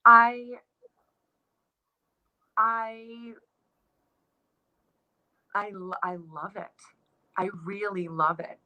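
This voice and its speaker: Bright-voiced woman dancer reflecting. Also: mid-range voice, very slow, pauses often, low-quality recording. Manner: reflective, gets emotional, many restarts and likes. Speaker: guest, Broadway dancer. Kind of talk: casual interview chat.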